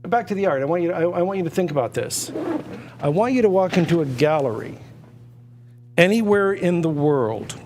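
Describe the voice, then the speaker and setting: Emphatic, excitable auctioneer man. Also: fairly high pitch, fairly quick, in a large hall, a little hiss or hum. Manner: emphatic, repetitive, excitable patter. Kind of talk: live auction sales pitch.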